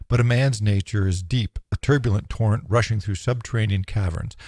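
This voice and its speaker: A man reading a philosophical text aloud in a measured, solemn, declaiming way, close to the mic. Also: lowish voice, a little mellow, dry recording. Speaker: narrator.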